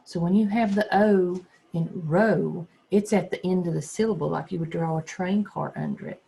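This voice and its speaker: Teacher for a phonics lesson, mid-pitched, gravelly edge, spells letters aloud patiently. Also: mellow. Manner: patient, sounds words out slowly and spells letters. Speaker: second grade teacher. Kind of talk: phonics lesson for young children.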